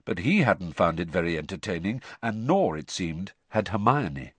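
Expressive male audiobook narrator. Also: deep voice, normal speed, breathy edge, no echo.

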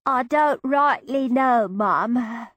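A woman's voice: a little high, very slow, a bit bright, dry recording, pitched above the performer's own voice. A woman voicing a young woman who poses as a meek, simple beggar girl with a put-on Cockney accent, sniffling and tearful.

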